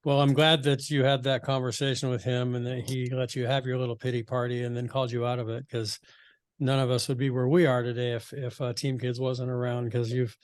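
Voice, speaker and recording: A male podcast host speaks in a flat, steady tone, asking questions and offering support. The sound is close and dry, with no room echo. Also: medium pitch, smooth. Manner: supportive, even, measured. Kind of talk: interview conversation.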